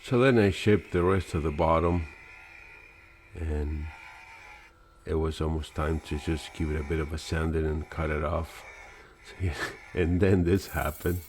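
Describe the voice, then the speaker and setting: A man hosting a woodturning channel, talking through his project in a relaxed, rambling voice-over with fillers. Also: rumbling low, measured pace, slight background noise. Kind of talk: casual voice-over narration.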